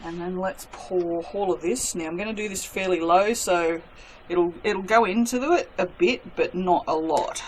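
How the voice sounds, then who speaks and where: A woman's voice: on the low side, a little hiss or hum. A woman chatting casually to her viewers while making soap, self-mocking and talking to herself as she works. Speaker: soap maker.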